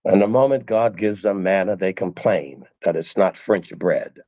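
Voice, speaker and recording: A man's voice: low-pitched, moderate pace, mellow, no echo, highs cut off. A male preacher giving a sermon, emphatic and repeating phrases for stress.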